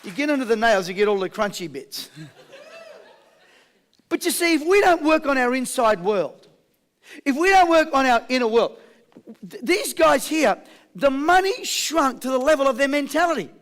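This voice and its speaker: A man with a very high voice runs a motivational seminar. He talks with constant energy, calls on the audience to answer and repeat after him, and drops jokey stories along the way. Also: normal speed, pauses often. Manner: energetic call-and-response with the crowd; jokey storytelling. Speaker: motivational speaker. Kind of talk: live seminar talk.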